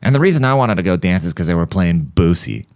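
Deep-voiced man telling profane stories. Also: lively intonation, quick pace, a little mellow, dry recording, studio quality. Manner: profane, rambling, breaks into mouth-made beat sounds. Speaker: podcast host. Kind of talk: casual comedic storytelling. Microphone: studio podcast mic.

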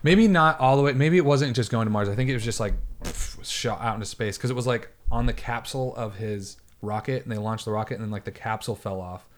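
A man's voice: on the low side, fast talker. A man co-hosting a casual chat, reading odd news and rambling with many fillers and jokes. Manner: rambling, filler-heavy and joking. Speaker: podcast co-host.

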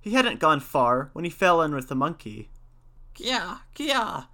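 A man's voice: a little high, sing-song, moderate pace, bright, forceful tone. A man narrating an old folk tale in a folksy, old-fashioned storybook manner.

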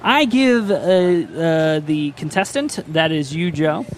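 A man's voice: fairly high pitch, animated, slow pace. A man hosting a casual comedy podcast, teasing his guest in a playful way. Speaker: podcast host.

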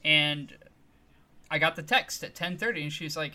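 A man co-hosts a podcast with a bright, crisp-edged voice pitched a little high. He is playful and laughs often while he launches into his story time. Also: moderate pace. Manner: playful, tells stories, laughs a lot. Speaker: podcast co-host. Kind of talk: casual podcast banter.

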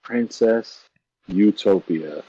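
Slangy low-voiced man riffing on manga. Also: extremely slow, mellow, breathy edge, dry recording, muffled recording. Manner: laid-back slang, keeps saying "you know what I'm saying". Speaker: podcast co-host. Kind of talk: casual manga review chat.

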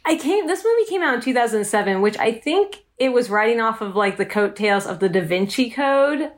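A fairly high-voiced woman hosts a casual podcast chat. She retells a film with animated, jokey energy and slips into quick put-on quotes. Her voice sits a little above the usual for women. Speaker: podcast host.

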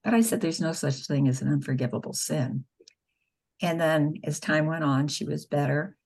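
Husky low-voiced woman telling stories. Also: moderate pace. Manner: earnest, animated retelling of patient stories with quoted dialogue. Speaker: nurse and pro-life spokeswoman. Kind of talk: conversational interview storytelling.

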